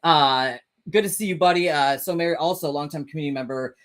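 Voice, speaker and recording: A man's voice: fairly high pitch, fast talker, a bit bright, poor audio. A man hosting a casual live stream, chatting loosely with viewers, stumbling over words and swearing freely. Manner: rambling, self-correcting, swears casually. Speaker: livestream host. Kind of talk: casual live chat reading comments.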